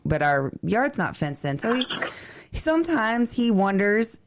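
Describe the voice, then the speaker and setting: Calm woman, matter-of-fact, noisy remote line. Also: mid-range voice, a little slow. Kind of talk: casual chat.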